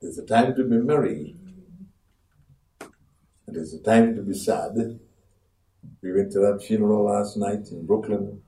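A man preaching a sermon as pastor, dramatic, acting out quoted voices and swinging from hushed to loud. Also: fairly low pitch, a little slow, pauses often. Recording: echoey room from far off.

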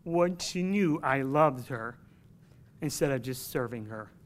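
A man's voice: medium pitch, expressive, unhurried. A man preaching a sermon to his congregation in an earnest, emphatic way, telling a personal story.

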